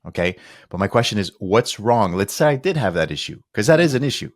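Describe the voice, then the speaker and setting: Male co-host, very low voice, probing and repetitive, dry close mic. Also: big pitch swings, fairly quick, dry recording. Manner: probing, repeats his questions. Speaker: podcast co-host. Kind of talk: casual podcast chat.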